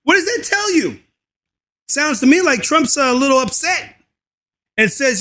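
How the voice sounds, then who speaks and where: Fired-up high-voiced ranting man. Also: big pitch swings, a little slow, pauses often. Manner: loud, fired up, drawling and crude. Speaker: political commentary host. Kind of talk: ranting political commentary.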